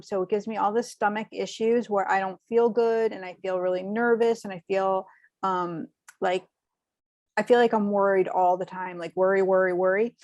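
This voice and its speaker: Gushing animated woman medium. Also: mid-range voice, no echo. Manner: animated, gushing, many fillers. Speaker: medium and show host. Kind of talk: spiritual reading, casual chat.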